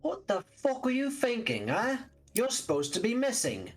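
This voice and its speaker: A man's voice: mid-range voice, lively intonation, moderate pace, a bit bright. A man voicing a brusque, streetwise male vampire driver who barks curt orders. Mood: angry. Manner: curt orders, rough slang.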